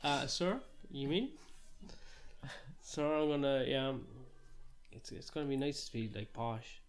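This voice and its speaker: A man's voice: medium pitch, a little slow. A man, chatting casually as a podcast co-host and ranting in a sweary, jokingly outrageous way. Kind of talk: casual chat.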